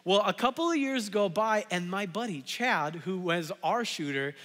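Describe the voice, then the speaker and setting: A young adult man preaching a sermon as a pastor, telling stories in a chatty, animated way with lots of fillers. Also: sits high, moderate pace, long reverb tail. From Southern California. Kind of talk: storytelling sermon. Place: church sanctuary.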